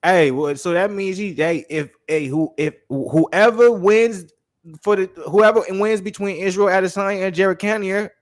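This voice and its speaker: A man co-hosting a casual fight watch chat, loud and excitable, breaking into playful impressions. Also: high voice, normal speed, no room sound. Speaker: co-host of fight watch commentary.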